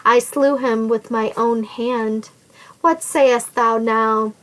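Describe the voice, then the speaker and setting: A woman's voice: on the high side, steady tone, slow, a bit bright, rough recording. A woman reading the part of a scheming, vengeful nobleman who threatens a captive woman in sneering, old-fashioned formal speech.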